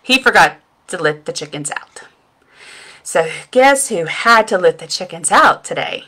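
Speaking fairly low with a sharp tone, a middle-aged woman chats at home on camera, animated but a little slow. As a makeup seller and vlogger, she shares a wandering, self-deprecating story in casual vlog style, laughing at herself.

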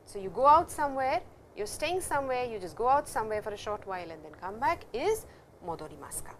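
A woman lecturing a recorded language class, her voice sitting a little high and swinging widely in pitch. She explains step by step and repeats the key words. A faint hum sits under her voice. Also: big pitch swings, fast. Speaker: Japanese language teacher.

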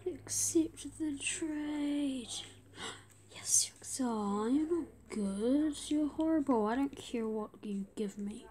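A woman giving gameplay commentary, often dropping to a whisper and breaking into excited bursts. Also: sits high, takes it slowly. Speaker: gamer.

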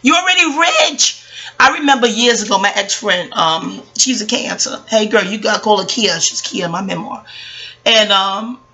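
A woman in her forties vents on her vlog in a profane commentary rant, passionate and rambling, with jokes and asides along the way. Her medium-pitched voice is bright and forceful at a normal speed.

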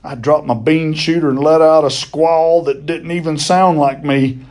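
A man's voice: a little high, fairly even intonation, a little slow, darkish tone. A man reading a novel chapter aloud, telling it expressively and now and then stumbling and repeating a word.

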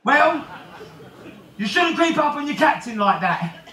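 A man's voice: extremely high pitch, sing-song, unhurried, sharp tone, echoey room, full character voice. An actor playing a swaggering, rum-loving male pirate captain in a live children's stage show, teasing and calling out to the crowd. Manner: theatrical, teasing, calls out to the crowd. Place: theatre stage.

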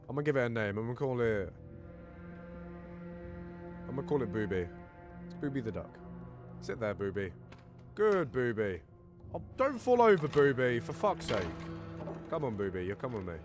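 A man playing a horror game with friends and commenting excitedly, swearing often and talking to himself. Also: medium pitch, moderate pace, pauses often, over music. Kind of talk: let's play commentary.

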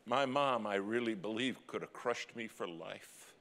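A middle-aged man preaching a sermon as a dramatic story, swinging from loud cries to hushed, near-whispered lines. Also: fairly low pitch, measured pace. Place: church sanctuary. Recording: long church hall reverb.

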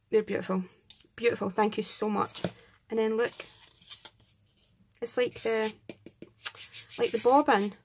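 A Scottish woman with a fairly high voice chats casually on a craft vlog. She gushes with excitement and thanks people over and over, with a faint hiss of noise behind her. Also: vocal fry. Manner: excitable, gushing, effusive thanks. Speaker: craft vlogger. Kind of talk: casual chat unboxing and scoring craft entries.

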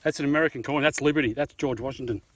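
A man's voice: medium pitch, steady tone, very fast, fairly bright tone, slight background noise. A man bantering with dry, laconic remarks outdoors in a paddock. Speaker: detecting companion. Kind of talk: casual banter.

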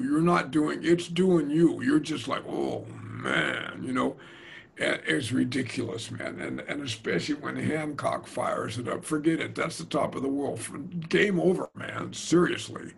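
Gravelly husky older man telling stories. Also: on the high side. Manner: animated storyteller, slangy and hip, mimics voices. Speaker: jazz drummer telling stories. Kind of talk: casual storytelling interview.

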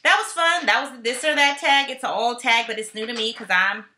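A woman's voice: on the high side, fairly quick, noisy background. A woman vlogger chatting casually and playfully through a question tag video, with slangy asides. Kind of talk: casual chat. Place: home in California. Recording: echoey room.

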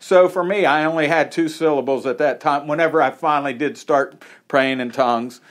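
A man's voice: fairly high pitch, fairly quick. A man preaching an informal, conversational sermon in a small church, with folksy asides. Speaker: pastor.

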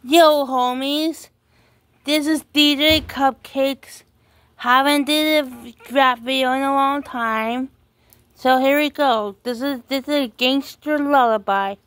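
A woman vlogger doing an amateur rap with slow, drawn-out, repetitive chanting. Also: high-pitched, steady tone, fairly bright tone, dry recording. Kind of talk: amateur rap over a beat. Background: music.

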